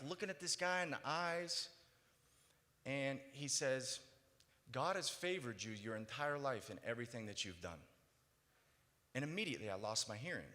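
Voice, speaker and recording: In a banquet hall, a keynote speaker with a mid-range voice gives his testimony, shifting from quiet retelling to loud, emphatic preaching as he recounts his story. Long hall reverb colors the recording.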